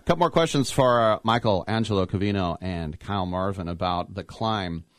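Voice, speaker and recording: Low-voiced chatty podcast host. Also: male voice, moderate pace, dry recording, studio quality. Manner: chatty, enthusiastic, tangents and trivia. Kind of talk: casual interview chat.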